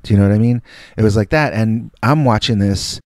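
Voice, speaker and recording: A middle-aged man tells a story about his youth in a loose, casual way, doubling back on his words and making fun of himself. His voice sits on the low side. It is recorded close and dry, with little room sound. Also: a little fast, darkish tone, no room sound. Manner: rambling, self-mocking, many restarts. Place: indoors.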